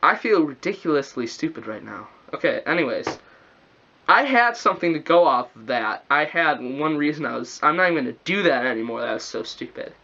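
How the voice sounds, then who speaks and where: A man's voice: fairly high pitch, very animated, a little fast, vocal fry, sharp tone. A young man rambling in a casual vlog, goofy and self-mocking, full of slang. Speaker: vlogger. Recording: dull lo-fi recording.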